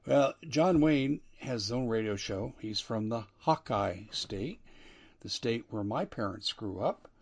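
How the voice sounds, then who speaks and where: A man's voice: mid-range voice, animated, a little slow, creaky, breathy edge. Man, talk radio host, emphatic, indignant delivery. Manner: emphatic, rising and falling with indignation.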